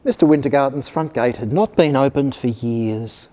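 A man reading a children's picture book aloud, expressive and animated. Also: mid-range voice, normal speed. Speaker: storyteller. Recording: reverberant hall.

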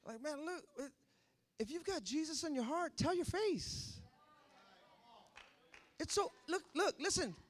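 A man preaching a sermon in a lively, joking, conversational way. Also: very high voice, a little slow, pauses often. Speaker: pastor.

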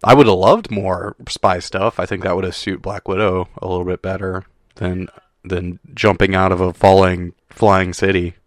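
Casting: deep-voiced male podcast co-host, giggly, dry close mic. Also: flat delivery, moderate pace, no room sound. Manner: laughs often, chatty and amused. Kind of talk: casual chat.

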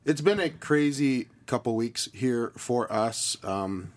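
A man with a hoarse, worn voice, chatting casually as a podcast co-host and laughing often. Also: mid-range voice, slow. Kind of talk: casual chat.

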